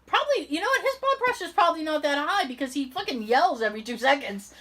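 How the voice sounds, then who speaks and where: A woman co-hosting a podcast in casual chat, telling stories in an animated way and swearing freely. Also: high voice, quick pace. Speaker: podcast co-host.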